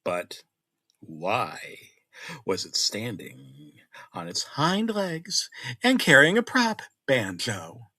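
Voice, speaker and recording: Lively middle-aged male horror narrator. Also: medium pitch, drawn-out words, no room sound, studio quality. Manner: conversational, dramatic swings between loud and hushed.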